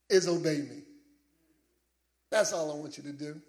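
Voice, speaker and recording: A man preaching a sermon to a congregation, animated and conversational, laughing at his own asides and calling for amens. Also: on the high side, moderate pace.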